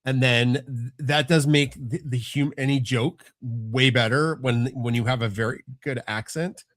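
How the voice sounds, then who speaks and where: A man's voice: medium pitch, steady tone, a little slow, a bit bright, no room sound. A middle-aged man, chatting casually on a family podcast, rambling and restarting often. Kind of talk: casual chat.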